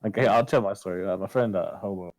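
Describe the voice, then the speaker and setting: A man's voice: low voice, fast talker, a little mellow. A young man co-hosting a podcast, telling a story in a casual chat, swearing a lot with many fillers. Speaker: podcast co-host.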